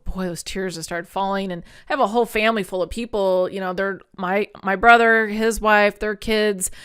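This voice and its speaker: A woman's voice: mid-range voice, a bit bright, clean tone. A woman hosting a podcast, recapping an episode in an earnest, chatty way, laughing often and sounding close to tears. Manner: emotional, near tears. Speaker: podcast host.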